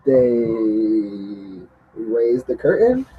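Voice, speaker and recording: A man's voice: lowish voice, big pitch swings, drawn-out words, narrow, tinny audio, a little hiss or hum. A man reviewing a wrestling show in casual chat, often acting out quotes in a mocking voice.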